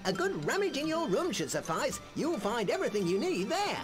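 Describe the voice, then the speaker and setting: A woman's voice: a little high, very animated, a little fast. A chirpy boy guide. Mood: eager. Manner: chirpy, instructive. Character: cheerful pirate-gear boy guide character. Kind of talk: children's game voice acting. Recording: game music under the voice.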